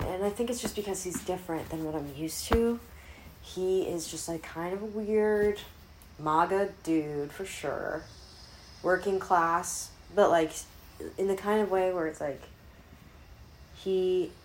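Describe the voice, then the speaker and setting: Woman vlogger at home, lowish voice, rambling profane delivery with sudden whispers, faint background ambience. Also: a little hiss or hum. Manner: rambling, profane, drops to whispers then gets loud. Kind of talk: casual vlog chat.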